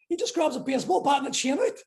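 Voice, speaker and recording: An Irish man, a podcast guest, telling stories in casual chat, animated and swearing freely. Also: extremely high pitch. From Ireland. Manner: animated, laughing, heavy swearing. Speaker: podcast guest, MMA fighter. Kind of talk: casual storytelling.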